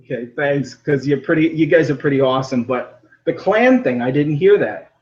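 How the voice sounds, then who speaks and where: A man with a fairly high voice rambles through a casual call-in chat, animated and quick to laugh. He is heard over a muffled, lo-fi line. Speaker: caller.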